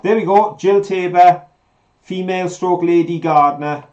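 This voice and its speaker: A man's voice: sits high, fairly even intonation, moderate pace, a little mellow. A man, co-hosting a live stream in a chatty, jokey, enthusiastic way. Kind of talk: casual live-stream chat. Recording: slightly dull lo-fi sound.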